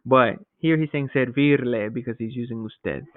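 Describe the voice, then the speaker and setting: A man teaches a recorded Spanish lesson, walking through each word and checking in with "okay?". His voice sits at an ordinary middle pitch. The sound is dry and thin, like it came through a phone. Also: normal speed, no room sound. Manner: explains step by step, often checking with "okay?". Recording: tinny phone-like audio.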